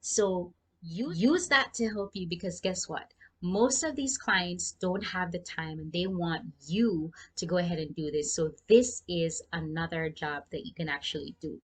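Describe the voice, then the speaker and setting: A young woman with a Jamaican accent shares work tips in a relaxed vlog. Her voice sits a little low. She sounds chatty and speaks straight to the viewer. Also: a little slow. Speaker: freelancing vlogger. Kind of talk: casual advice vlog.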